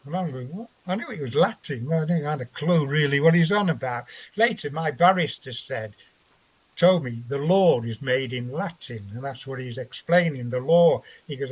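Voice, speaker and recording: Husky, fairly high-voiced man, a chat show guest who rambles through his story, swears freely and acts out the lines of others. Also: lively intonation, normal speed. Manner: rambling, profane, acts out quotes.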